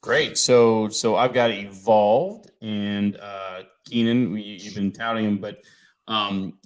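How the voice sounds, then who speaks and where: A man's voice: on the low side, fairly even intonation, takes it slowly. A man co-hosting a podcast, chatting casually and reading a sponsor's description. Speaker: podcast co-host.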